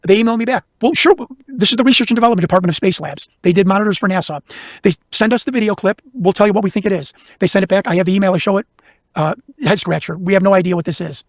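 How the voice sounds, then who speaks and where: A man from Chicago, a guest investigator, telling a long story in casual conversation, talking quickly with lots of restarts. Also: high-pitched, no room sound, clean studio sound. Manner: fast, animated, talks over himself with restarts.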